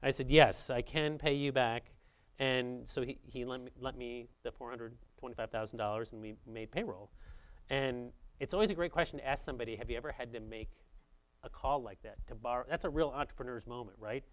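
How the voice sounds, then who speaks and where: A man's voice: medium pitch, a little fast. Storytelling middle-aged man at a lectern. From Saint Paul, Minnesota, US. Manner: conversational, swinging between emphatic and quiet. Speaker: speaker at a journalism institute. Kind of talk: personal storytelling talk to an audience.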